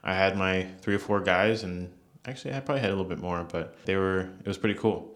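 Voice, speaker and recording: A man, a private chef, telling stories from his work in a relaxed, conversational way. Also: deep voice, fast talker. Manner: relaxed, animated retelling with laughs and quoted voices. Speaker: private chef, interview guest. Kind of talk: casual conversational storytelling.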